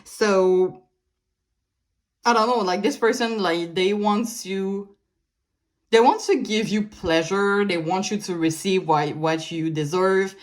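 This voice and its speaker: Woman, young adult, tarot reader, rambling delivery, fillers and restarts, mid-pitched voice. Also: slow pace. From Canada. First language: French. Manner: meandering, many fillers and restarts, light laughs. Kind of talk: casual pick-a-card tarot reading.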